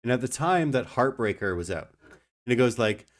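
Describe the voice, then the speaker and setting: A man's voice: medium pitch, lively intonation, brisk. A young man streaming a card game, explaining his moves and joking with his chat. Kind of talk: casual gameplay commentary.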